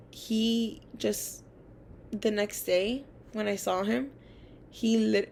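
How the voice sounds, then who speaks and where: This medium-pitched, creaky female voice belongs to a college student in her young adult years sharing casual stories about school. The audio carries a little hiss or hum. Her delivery is talkative and packed with fillers, and she acts out what others said with animation.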